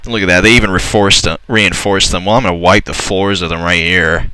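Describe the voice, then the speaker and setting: A young man casually commentating a strategy game, excitable and swearing, often laughing in disbelief. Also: low voice, brisk, few pauses, clean tone, low-quality recording. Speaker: gameplay commentator. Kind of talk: casual let's-play commentary.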